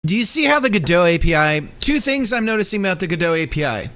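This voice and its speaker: A man's voice: high-pitched, big pitch swings, fast, a bit bright, no echo. A man streaming while he codes a game, chatting casually with his viewers, joking and laughing often. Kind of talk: casual livestream chat while coding.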